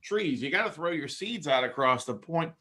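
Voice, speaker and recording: A man hosting a podcast talks casually with a bright, forward tone. He rambles, restarts his sentences and stretches out long metaphors as he explains. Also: fairly high pitch, animated, normal speed, breathy edge. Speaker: podcast host.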